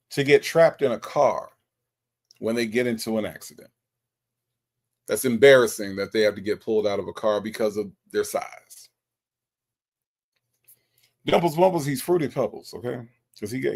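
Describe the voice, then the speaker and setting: A man's voice: mid-range voice, creaky. A man hosting a reaction show, commenting on radio clips in an incredulous, mocking way.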